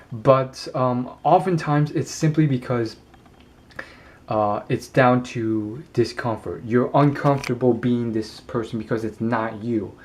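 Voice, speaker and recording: A man's voice: mid-range voice, darkish tone. Rambling, hesitant man. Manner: rambling, hesitant, lots of ums. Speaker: vlogger. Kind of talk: casual talk to camera.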